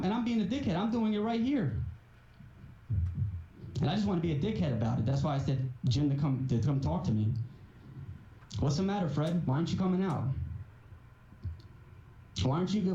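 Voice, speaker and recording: This high-pitched, mellow-voiced man rants furiously on a livestream, calling someone out with profanity and hammering his points harder each time. The sound is muffled, echoing around the room, with a faint hiss.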